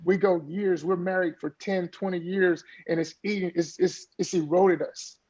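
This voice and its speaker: Casting: high-voiced gravelly man, husky edge, earnest motivational coach, dull lo-fi audio. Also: steady tone, normal speed, darkish tone. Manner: earnest, motivational, repeats words as he builds a point. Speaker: podcast guest, mindfulness coach. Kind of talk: conversational interview.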